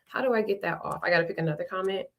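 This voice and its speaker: A woman's voice: lowish voice, very fast, vocal fry, fairly bright tone. A young adult woman, a reality show cast member, talking frankly and rambling through an unscripted livestream with casual swearing.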